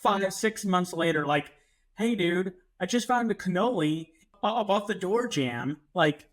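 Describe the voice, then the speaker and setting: Man with a high, lively voice. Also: unhurried. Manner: playful, joking. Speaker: podcast co-host. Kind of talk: casual podcast chat.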